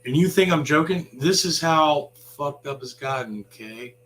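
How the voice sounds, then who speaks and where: A man's voice: on the high side, animated, moderate pace, fairly bright tone, poor audio. A man ranting in a blunt, sarcastic vlog monologue, swearing freely. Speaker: vlogger.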